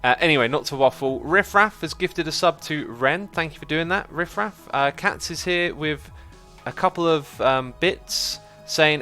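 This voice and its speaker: A man hosting a casual livestream, calm and easygoing as he reads out chat and thanks viewers. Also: a little high, moderate pace, faint music behind. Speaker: livestream host reading chat.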